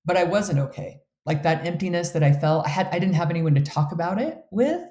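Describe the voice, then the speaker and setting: A woman in her fifties recounts her life in an interview, speaking earnestly and with open emotion. Her voice sounds warm and mellow, and the room around her is noticeably echoey. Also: fairly low pitch, animated, a little fast. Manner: earnest, candid, emotional storytelling. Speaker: guest. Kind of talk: personal storytelling in an interview.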